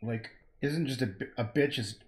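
A man's voice: medium pitch, normal speed. A man painting on a livestream, muttering to himself and scolding his own work as he goes. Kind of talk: livestream commentary while painting.

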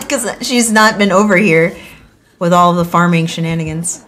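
A young woman streaming a game, excitable and swearing, with bursts of laughter. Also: on the low side, fairly quick, slight background noise. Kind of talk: live game stream commentary.

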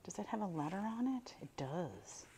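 A woman's voice: lowish voice, lively intonation, normal speed, warm tone, a little hiss or hum. An older woman running a casual unboxing chat for her viewers, chatty and exclaiming over each item as she pulls it out. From Buffalo, New York. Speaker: reseller unboxing mystery boxes.

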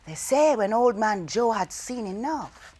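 A woman telling a folk tale to children, dramatic, with call-and-response and hushed whispers. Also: on the high side, expressive, a little slow, husky. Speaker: storyteller. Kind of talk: storytelling for children.

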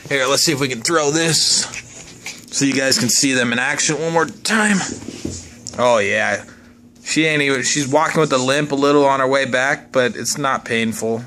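Bright-voiced goofy young man vlogging. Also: moderate pace, slight background noise. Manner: goofy, talks to his pets in high excited voice. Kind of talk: casual home vlog.

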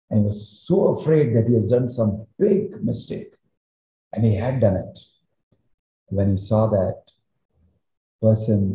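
A man, a spiritual teacher, retelling a sacred story in a lively discourse with emphatic rises. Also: on the low side. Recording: roomy, slightly dull recording.

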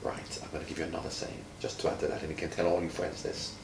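Deep-voiced man in his fifties, playful and quizzing. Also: completely flat delivery, creaky. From Jamaica. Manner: playful, quizzing, drawn-out emphasis. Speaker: retired footballer, interviewee. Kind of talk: friendly teaching chat with a child. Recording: roomy, from far off, faint noise.

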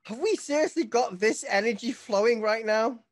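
A game master narrating a tabletop game over a video call in a slow, drawling way with fillers. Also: mid-range voice.

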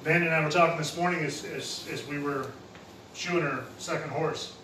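A man's voice: fairly high pitch, normal speed, pushed and bright. A man preaching a sermon in a plain-spoken, casual way, using everyday slang. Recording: roomy echo, heard from a distance with faint noise.

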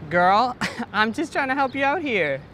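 A man's voice: very high-pitched, very animated, a little slow, pushed and bright, a little hiss or hum, heavily acted. An actor playing a chatty, overly helpful office assistant who calls people honey and girl. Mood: sassy. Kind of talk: comedy web series acting.

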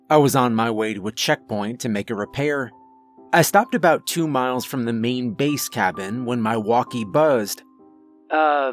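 A man narrating a first-person horror story in a measured, grave, deliberate manner. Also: mid-range voice. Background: faint music.

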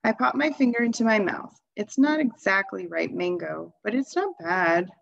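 A woman reading a children's novel aloud in a calm, even storytelling voice. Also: medium pitch, normal speed, gravelly, lo-fi sound. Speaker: reader.

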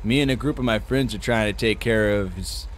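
A man plays a mellow, easygoing character in a game roleplay. He drawls and keeps saying "man," with a faint hiss of noise behind him. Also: fairly low pitch, brisk. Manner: laid-back drawl, says "man" constantly. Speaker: roleplay player.

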